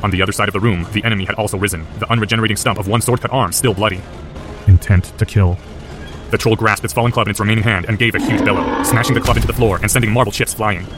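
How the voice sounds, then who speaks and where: A man's voice: lowish voice, steady tone, very fast, few pauses, music in the background. A man narrating a story aloud as an audiobook, intense and driven. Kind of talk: audiobook narration of fan fiction.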